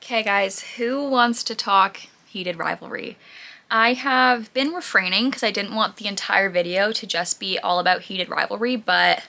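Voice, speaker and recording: A woman's voice: medium pitch, unhurried, vocal fry, sharp tone. A woman vlogging in a casual, rambling way, gushing about what she watches and often saying "like". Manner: rambling and gushing, heavy use of "like". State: out of breath. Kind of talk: casual chatty vlog.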